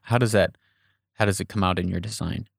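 Podcast host w a very low voice asking gentle questions, dry close sound. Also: steady tone, fairly quick, gravelly, no room sound. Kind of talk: interview questions.

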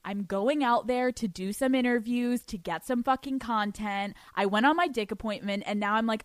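A young woman hosting a podcast, telling a story in a casual, animated way, swearing freely and laughing often. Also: a little high, fairly quick, hardly any pauses, no echo. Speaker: podcast host.

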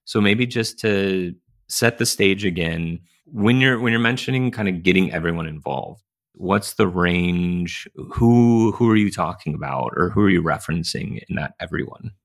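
A man with a very low, gravelly voice hosts a podcast. He asks long, meandering questions in a relaxed way, full of fillers. His voice has a rough fry at the bottom. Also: moderate pace. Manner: casual, rambling questions with many fillers. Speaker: podcast host. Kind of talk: podcast conversation.

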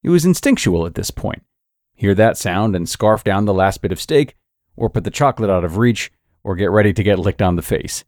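A man narrating a horror story in a measured, suspenseful storytelling manner. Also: fairly low pitch, animated, a little mellow, no echo, studio quality.

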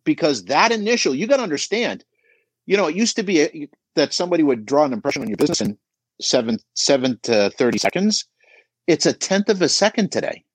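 A middle-aged man coaching on a podcast, emphatic and animated, asking rhetorical questions as he talks. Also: on the high side, quick pace, slightly rough, no echo. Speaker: auto shop business coach guest. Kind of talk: podcast conversation.

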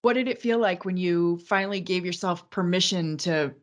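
A woman interviewing a guest and asking measured, reflective questions. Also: fairly low pitch.

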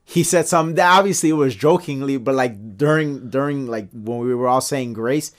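A man co-hosting a casual podcast discussion, talking in animated bursts with many restarts and pitch jumps when he makes a point. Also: brisk. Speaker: podcast co-host.

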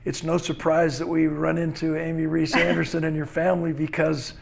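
A man's voice: a little high, monotone, a little fast, gravelly. A male podcast host closing an interview, effusive and upbeat as he praises his guest and signs off. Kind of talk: interview sign-off.

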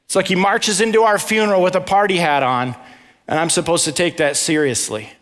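A man with a fairly high voice preaches in a relaxed, storytelling way. He keeps turning to the audience with questions and dry asides. His voice rings with the long echo of a big hall. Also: brisk. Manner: animated, asks the audience questions, wry asides. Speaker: teacher of a Bible study. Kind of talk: conversational sermon with storytelling.

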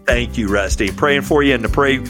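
A man's voice: mid-range voice, fairly quick, over music. A man, a pastor, telling stories in an earnest, heartfelt way as a podcast guest. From Georgia, US. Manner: earnest storytelling, warm about mentors. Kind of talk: casual interview chat.

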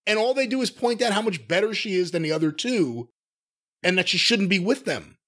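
A man with a slightly high voice co-hosts a podcast, chatting frankly and eagerly with casual swearing. He speaks in a relaxed, conversational way. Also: fairly quick. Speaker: podcast co-host.

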